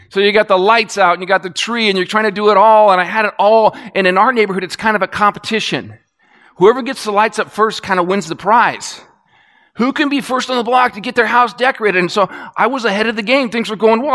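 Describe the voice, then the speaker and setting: Man preaching, high bright voice, tells his story animated then hushed, big hall reverb. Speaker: pastor. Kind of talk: sermon storytelling. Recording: long reverb of a large hall.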